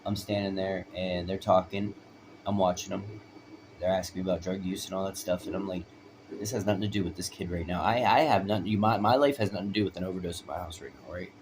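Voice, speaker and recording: A man with a deep, low voice tells his own story in a loose, rambling way. He presses his points hard and keeps checking in with "right?" A light background noise runs under the recording. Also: fairly even intonation, fast talker. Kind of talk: personal storytelling.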